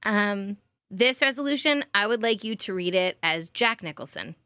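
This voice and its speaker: A woman co-hosting a casual comedy chat, effusive, quick to laugh and swear. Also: medium pitch, lively intonation, pushed and bright, clean tone, no echo. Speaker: podcast co-host.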